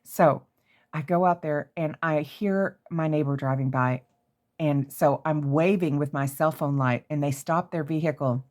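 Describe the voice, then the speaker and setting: A woman from Oklahoma with a low-pitched voice, talking casually in her craft room. She tells stories in an animated, excitable way and often jumps up into shrieky high notes. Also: measured pace. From Oklahoma, USA. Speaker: crafter showing handmade pieces. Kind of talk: casual storytelling vlog.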